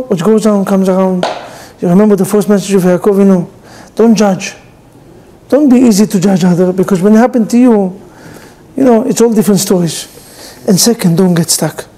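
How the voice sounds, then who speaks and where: A man's voice: high-pitched, dark tone, rough recording. A male rabbi giving a sermon in non-native English, animatedly telling a story and acting out its dialogue.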